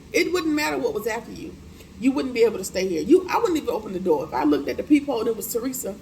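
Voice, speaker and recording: A woman's voice: medium pitch, darkish tone, slight background noise, poor audio. A woman giving a casual, slangy recap of a TV episode, blunt and chatty with frequent profanity and asides. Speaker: TV episode reviewer.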